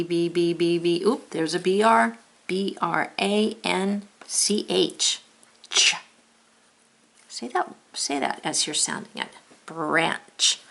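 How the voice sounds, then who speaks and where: Slow, creaky-voiced woman teacher. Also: fairly low pitch. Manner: sounds out letters and words slowly, step by step; gently talks the viewer through each task. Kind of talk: online spelling lesson.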